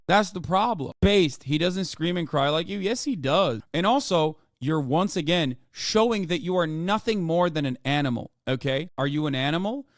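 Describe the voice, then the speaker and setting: A man's voice: a little high, no room sound, clean studio sound. Profane man scolding his chat. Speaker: streamer reacting to a clip. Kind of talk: heated livestream commentary.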